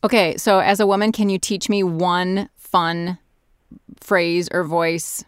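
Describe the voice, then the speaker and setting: A woman's voice: fairly low pitch, fairly even intonation, takes it slowly, clean tone, no room sound, studio quality. A woman hosting a podcast interview, chatty and bubbly with frequent laughs. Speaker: podcast host. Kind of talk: casual interview chat.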